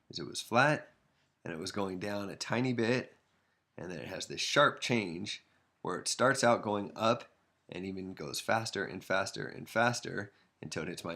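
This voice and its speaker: A man with a low, gravelly voice talks through a math problem in a loose, unpolished way. He thinks aloud as he sketches a graph, and he pokes fun at his own drawing as he goes. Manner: relaxed, self-deprecating, thinks aloud while sketching. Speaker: math instructor. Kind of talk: casual recorded math lesson.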